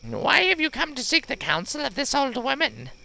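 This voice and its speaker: A man voicing a stern old tribal wise woman in a video game, speaking slowly and formally in a raised voice. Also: very high-pitched, big pitch swings, vocal fry, sharp tone, voice pushed up, heavily acted, rough recording. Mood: solemn. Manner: slow, formal, grave delivery.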